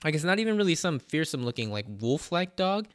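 A man's voice: fairly high pitch, very animated, brisk, a bit bright, no room sound, clean studio sound. A man hosting a podcast, recapping episodes in a chatty way, laughing often and drifting into side tangents. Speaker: podcast host.

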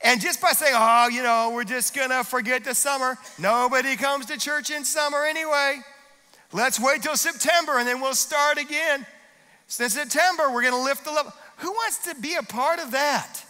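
A pastor preaching a sermon with energetic delivery that builds into shouted declarations, recorded in a church auditorium. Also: male voice, extremely high pitch, in a large hall.

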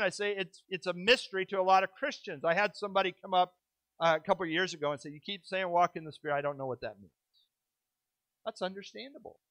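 A middle-aged male pastor delivers a sermon in a high, ringing voice, leaning hard on key words and drawing them out between pauses. He breaks the preaching with quick, self-mocking asides. The sound is close and dry, with no room echo. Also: sharp tone. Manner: drops into quick asides and self-deprecating humor.

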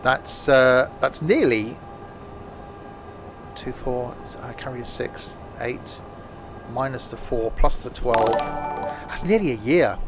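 A man's voice: medium pitch, fairly even intonation, slow pace, pauses often, over music. A man casually chatting while live-streaming a train game, rambling and joking to himself and his chat at a home desk mic.

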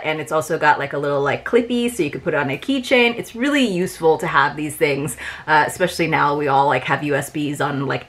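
A woman's voice: lowish voice, fairly bright tone. Young woman vlogger, chatty unboxing review, giggles often, filler-heavy. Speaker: subscription box reviewer. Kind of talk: casual unboxing vlog.

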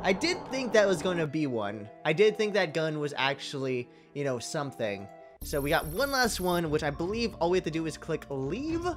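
A young man giving excitable, joking let's play commentary, swearing in bursts. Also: a little high, normal speed. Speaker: gaming video creator. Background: music.

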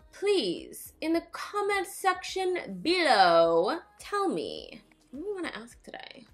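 A woman's voice: high-pitched, wildly swooping pitch, slow pace, soft background music. A woman beauty vlogger chatting casually at home, goofy and self-mocking as she reviews makeup.

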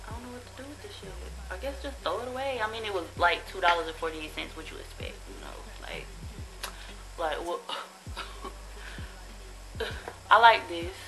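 A woman's voice: mid-range voice, fast, hardly any pauses, low-quality recording. A young woman, chatting casually and bluntly, with plenty of profanity, while she reviews a haul of cheap jewelry. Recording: music playing behind the voice.

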